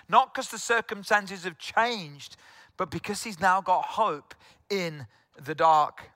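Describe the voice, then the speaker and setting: A middle-aged man from South Wales preaches to an online congregation with a high, forceful voice. He addresses listeners directly and earnestly, and he repeats key phrases for emphasis. The sound is dry and close, with no room around it. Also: normal speed, no echo. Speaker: pastor.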